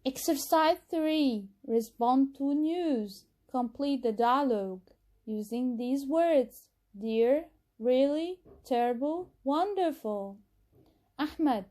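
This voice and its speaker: Egyptian lady teacher going over answers real slow, high voice. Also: animated, dark tone. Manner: slow, careful reading of exercise answers. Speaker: English teacher. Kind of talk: recorded video lesson.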